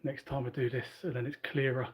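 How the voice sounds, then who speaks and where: A man's voice: mid-range voice, flat delivery, brisk. A man giving casual commentary while working out, out of breath and panting between sets, picked up by a built-in device mic. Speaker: fitness streamer. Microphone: built-in device mic, no dedicated microphone.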